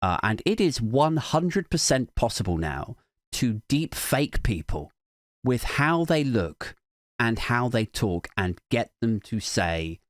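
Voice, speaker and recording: A man hosting a podcast, riffing sarcastically in a rambling comedy monologue that swings from mock outrage to low muttering. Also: sing-song, slow, no echo, studio quality. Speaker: podcast host.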